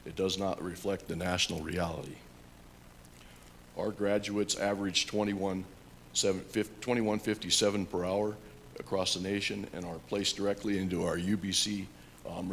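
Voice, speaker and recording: A man, a union carpenter and instructor, giving public comment at a council meeting in a halting way with many fillers and restarts. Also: sits low, steady tone, gravelly, a bit bright, a little hiss or hum.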